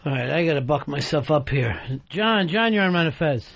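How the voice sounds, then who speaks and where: Male talk radio host, blunt, profane, teasing, high voice, muffled radio sound. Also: lively intonation, a little fast, gravelly, fairly bright tone, slight background noise. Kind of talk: casual talk radio banter.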